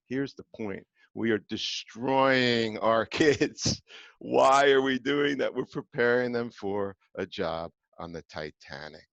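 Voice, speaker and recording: Animated deep-voiced male host. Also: no room sound. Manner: animated, emphatic, with frequent restarts. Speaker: podcast co-host. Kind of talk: casual chat, storytelling. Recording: dull, dry sound.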